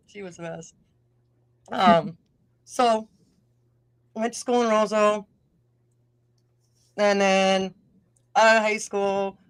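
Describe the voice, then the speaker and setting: A middle-aged woman from northern Minnesota talks in a loose, rambling way, breaking into laughter as she tells stories. Her northern Minnesota accent colours a mid-pitched voice. The recording is close and dry, with no room sound. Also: dry recording. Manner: chatty, rambling, laughs often while telling stories. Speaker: guest musician-podcaster. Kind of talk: casual interview chat.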